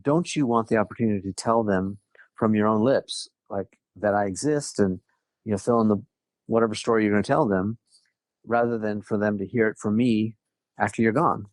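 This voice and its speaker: A man's voice: lowish voice, normal speed, no echo. A man from Southern California, a podcast guest, telling a personal story in a chatty way, quoting conversations and laughing lightly now and then. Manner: chatty, quotes others, frequent light laughs. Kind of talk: casual interview storytelling.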